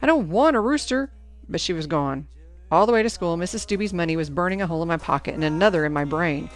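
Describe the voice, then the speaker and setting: A woman narrating a first-person storybook in an expressive, anxious telling. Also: low voice, fast, soft background music. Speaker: audiobook narrator.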